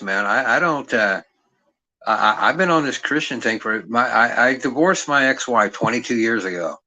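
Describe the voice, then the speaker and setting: On a livestream, a middle-aged man rants in a bright, forceful, mid-range voice with lively intonation at normal speed. He swears constantly and mocks his listener with aggressive rhetorical jabs. The low-quality recording sounds dry and close, with no echo or room around it.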